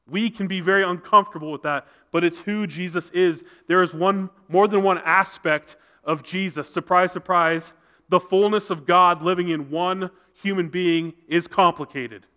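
A man preaching a sermon as pastor, earnest, and at times dropping to a soft, intense voice for emphasis. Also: high voice, steady tone, normal speed. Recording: reverberant hall sound.

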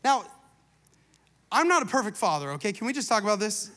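A man in his thirties, a pastor, preaching a sermon and telling a family story, swinging between loud preaching and quiet asides. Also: sits high, very animated, a little fast, long reverb tail. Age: 30s. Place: church.

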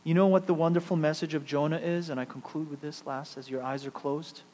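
A middle-aged man preaching a sermon, shifting between loud emphatic peaks and hushed, quiet stretches. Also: a little high, steady tone, fairly quick. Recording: long hall reverb, faint mains hum.

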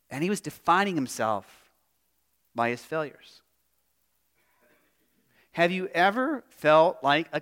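A man preaching a sermon as a pastor, earnest and personal, with pauses and restarts as he speaks. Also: a little high, sharp tone, smooth.

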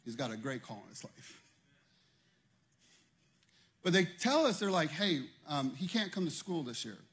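A pastor preaching a sermon, telling a personal story in a conversational way and then building to loud, emphatic preaching. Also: male voice, fairly high pitch, very animated, normal speed, husky.

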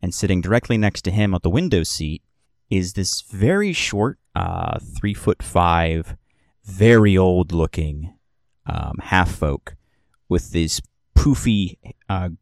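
Deep-voiced man narrating a tabletop game. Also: lively intonation, slow pace, no room sound, studio quality. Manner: descriptive, rambling with many fillers and restarts. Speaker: game master.

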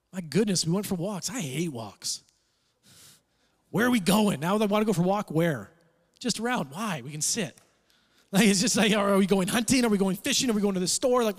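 A man preaching a sermon, telling stories with acted-out quotes in an animated, conversational way. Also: sits high, fairly quick. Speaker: pastor. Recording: reverberant church hall.

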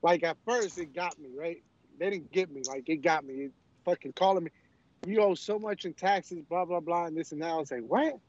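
A man co-hosting a podcast who tells stories in an animated, profane way. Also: a little high, fairly quick, no echo, dull audio. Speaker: podcast co-host. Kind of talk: casual chat.

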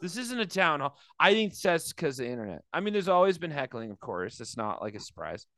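A man's voice: a little high, very animated, a little fast, fairly bright tone, dry recording. A man chatting casually as a comedian co-host, acting out quotes in different voices and swearing freely. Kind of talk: casual podcast chat.

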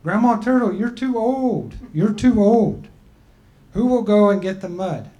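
A man's voice: sits high, a little slow, mellow, pitched above the performer's own voice. A man voicing a crowd of worried animal people who keep asking who will fetch the mud, in a raised, pleading voice. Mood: urgent. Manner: pleading, repeating questions.

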